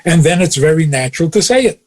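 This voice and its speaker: A man with a fairly high, husky voice gives a radio teaching as a rabbi. He chuckles often as he talks and drives his points home with pointed rhetorical questions. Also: lively intonation, fast. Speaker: rabbi and radio show host. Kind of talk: teaching talk on a radio show.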